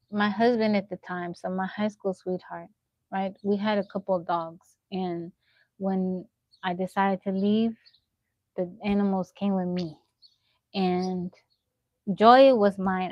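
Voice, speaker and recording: A young woman live-streaming from her phone, telling animated stories to her chat and laughing often. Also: medium pitch, dry recording, lo-fi sound. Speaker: livestreamer.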